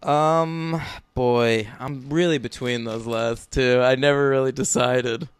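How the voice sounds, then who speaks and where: Male podcast co-host, casual and profane, clear resonant tone, dry mic. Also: medium pitch, steady tone, slow, no echo. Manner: blunt, profane, joking. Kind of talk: casual film podcast chat.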